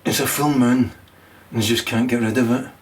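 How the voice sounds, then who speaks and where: A man's voice: medium pitch, steady tone, a little fast. A middle-aged man, doing a rambling, crude stand-up monologue, full of swearing and stumbling restarts, laughing at his own jokes. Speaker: comedian.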